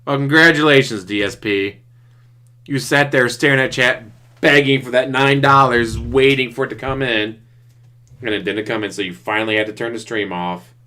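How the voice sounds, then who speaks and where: Watching another streamer's broadcast, a man keeps up a sarcastic, mocking commentary in a casual reaction style. His mid-range voice is pushed and bright, with fairly even intonation and a normal pace, captured on a desktop USB mic.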